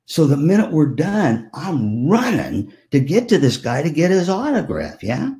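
An older man giving a keynote to music teachers, telling lively anecdotes and acting out the voices of people in them. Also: fairly high pitch, measured pace. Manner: animated, acts out voices in anecdotes. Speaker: keynote speaker. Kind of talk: storytelling keynote. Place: virtual conference talk.

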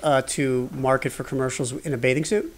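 A man's voice: medium pitch, fairly even intonation, a little fast. A man hosting a talk show, asking probing questions with dry humor. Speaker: host.

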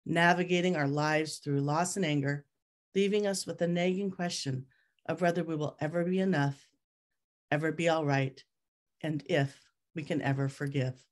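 A woman author reads her own memoir aloud with a low voice. Her delivery is measured and reflective, holding a steady pace through each line. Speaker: author reading her work. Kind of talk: memoir reading at a group reading.

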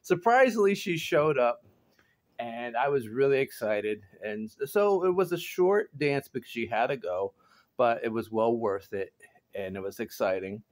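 A man in his forties chatting casually to his viewers from home, rambling and laughing often, jumping into high excited exclamations. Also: a little slow. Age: 40s. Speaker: vlogger. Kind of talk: casual chat to camera. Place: home garage.

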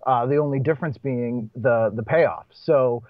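A Boston comedian appears as a podcast guest in a relaxed conversational interview, restarting sentences and laughing between his points. His mid-range voice keeps a moderate pace, in a dry recording that sounds dull and muffled.

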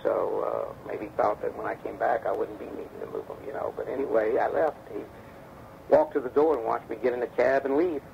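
A man telling a story from his past in an interview. He acts out the dialogue lively as he talks, on a damaged tape recording. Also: on the low side, fairly quick, creaky. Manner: animated storyteller acting out quoted dialogue. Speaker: interview guest, former bodyguard. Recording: dull damaged tape with faint hiss.

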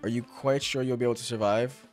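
A man's voice: medium pitch, fairly even intonation, quick pace, soft background music, lightly acted. A man reading the dialogue of a genteel, polite male professor aloud with formal, old-fashioned courtesy.

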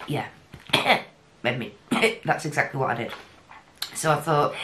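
A woman from the UK chatting casually through a makeup unboxing, giddy, with gasps and breathy exclamations. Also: low voice, lively intonation, slow, long pauses, fairly bright tone, slight background noise. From United Kingdom. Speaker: beauty vlogger.

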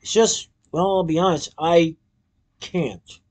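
A hopeful, whimsical young chocolatier, as a man reading a storybook puts him on. He talks in a soft, earnest and cheerful way, a touch higher than most men. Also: takes it slowly.

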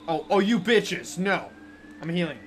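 A woman streamer giving casual live commentary while playing, swearing freely and yelling at enemies. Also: on the low side, measured pace, a little hiss or hum. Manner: animated, swears a lot, yells at enemies. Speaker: game streamer. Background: game music.

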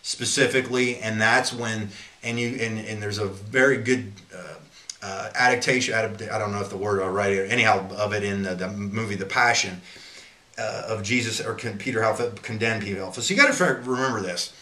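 A man's voice: fairly low pitch, fairly quick, pushed and bright, reverberant. A man giving an informal Bible teaching in an earnest, rambling way, often restarting his sentences.

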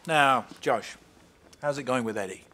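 An actor playing an earnest, quirky man who leads a support group with gentle encouragement. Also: medium pitch, measured pace, a little hiss or hum. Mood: encouraging.

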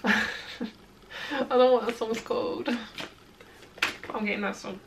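A young woman talks through a tarot spread for her viewers in a loose, chatty way. Her voice sits a little higher than most women's, and she reassures her audience while filling pauses with "like" and "um.". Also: little pitch movement, fairly bright tone, slight background noise. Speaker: tarot reader. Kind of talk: casual tarot reading vlog.

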